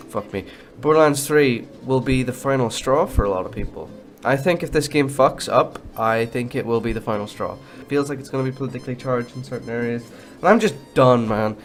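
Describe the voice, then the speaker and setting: A man delivering a heated, profane rant as a gaming commentator, talking alone in a ranting monologue. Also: mid-range voice.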